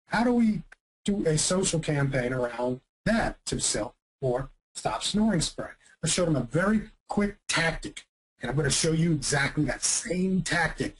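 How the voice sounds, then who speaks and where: A man giving an energetic marketing presentation, emphatic and punchy, often asking rhetorical questions. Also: fairly high pitch, low-quality recording.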